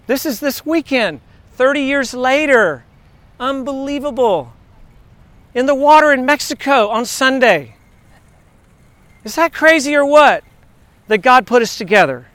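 A man in his fifties, a teacher giving a devotional message to his class, telling faith stories in an excitable, chatty, digressive way. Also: very high-pitched, moderate pace, no echo. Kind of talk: rambling faith storytelling to a class.

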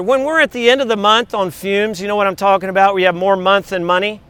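A man's voice: high-pitched, quick pace, hardly any pauses, clear, resonant tone, no room sound. A middle-aged male pastor preaching a sermon with energy, breaking into sung worship lyrics and quoting texts from friends. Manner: animated, sings along and speaks lyrics.

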